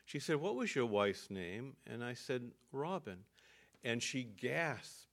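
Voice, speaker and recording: A man's voice: medium pitch, expressive, fairly bright tone. Older man preaching a personal story. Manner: storytelling, halting restarts, earnest. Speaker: pastor.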